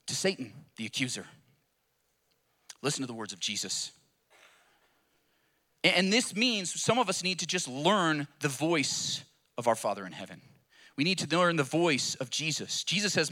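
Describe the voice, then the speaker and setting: Bright-voiced man preaching with passion. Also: on the high side. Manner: impassioned, repetitive preaching cadence with rhetorical questions. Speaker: pastor. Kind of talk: sermon.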